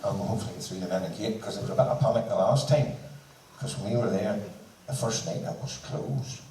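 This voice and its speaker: Man, low voice, anecdotal stage patter, recorded from far back in a reverberant hall. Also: fast, mellow. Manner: joking, anecdotal, quotes others in dialogue. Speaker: band member speaking at a concert. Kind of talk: storytelling speech to an audience. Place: large hall, speaking to a seated crowd. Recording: echoey hall from far off, faint noise.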